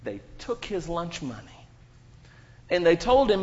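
A man telling a lively children's story in a church service, acting out the characters. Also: high-pitched, moderate pace. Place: church sanctuary. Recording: muffled church recording with hall reverb.

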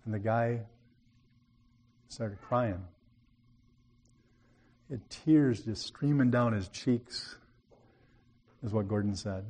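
A man's voice: on the low side, takes it slowly, long pauses, darkish tone. A man preaching a sermon, telling a story in a folksy, earnest way and rising to emphatic appeals.

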